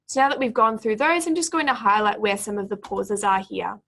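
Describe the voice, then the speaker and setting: A young adult woman teaching as a speaking tutor, explaining pauses and stress and reading a passage aloud clearly and deliberately. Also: on the high side, a bit bright. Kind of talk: exam prep lesson.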